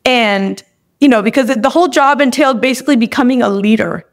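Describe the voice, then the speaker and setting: A woman's voice: on the high side, fast talker. A young woman telling a personal story as a podcast guest, candid and emotional, with many "like"s. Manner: emotional, tearful at moments, lots of "like".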